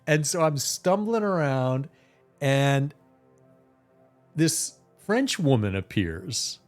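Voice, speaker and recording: Speaking slowly in a fairly high voice, a livestream host gives tarot readings while chatting easily, sharing stories and chuckling a lot. His manner is animated yet relaxed, and soft music plays in the background.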